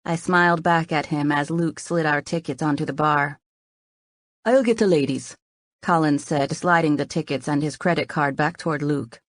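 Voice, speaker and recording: A woman narrating a romance novel in the first person, her voice sitting low and earnest. The sound is close and completely dry, with no room around it. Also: flat delivery, moderate pace, few pauses, fairly bright tone, no room sound. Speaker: audiobook narrator.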